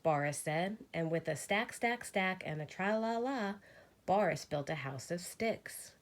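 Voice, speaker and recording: A woman teacher reading a children's storybook aloud with lively expression. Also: medium pitch, measured pace.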